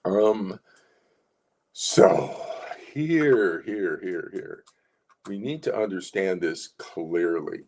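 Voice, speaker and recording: A man with a low, gravelly voice that rises and falls a lot, talking clients through advice. He has a husky edge and coaches them patiently, repeating the phrases he wants them to remember. It is an informal advice talk. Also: expressive, drawn-out words, long pauses, darkish tone, slight background noise. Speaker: psychologist consultant.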